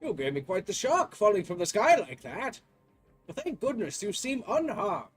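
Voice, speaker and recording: A man doing a fussy, genteel professor with a prim, posh put-on accent. His voice jumps up high and swoops around as he fusses politely, over soft game music. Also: sing-song, moderate pace. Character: fussy, genteel old-fashioned male professor.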